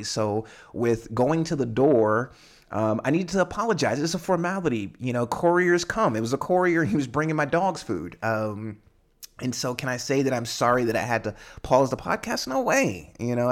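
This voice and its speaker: Guy rambling thru an english lesson on his podcast, lots of ums and yes?, mid pitch voice. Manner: rambling, frequent fillers and tag questions. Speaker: podcast host and English teacher. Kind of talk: casual teaching monologue.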